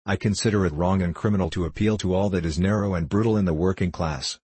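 A man reads an argumentative young woman, her lines challenging and reproachful, in his own low husky voice. The recording is dry and close. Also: fairly even intonation, fast, darkish tone, no echo.

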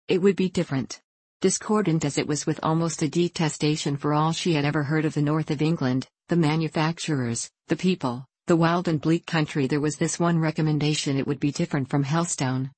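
A woman narrating a classic novel as an audiobook in a calm, even reading. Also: deep voice, husky, dry recording.

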